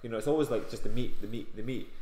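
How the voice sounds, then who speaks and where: A man's voice: medium pitch, very fast, dark tone. A Scottish man co-hosting a live fitness Q&A, reading out viewer comments in an easygoing way. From Scotland. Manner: reads out viewer comments, easygoing, laughs often. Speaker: fitness coach co-host. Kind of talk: live-stream Q&A chat. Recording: echoey room.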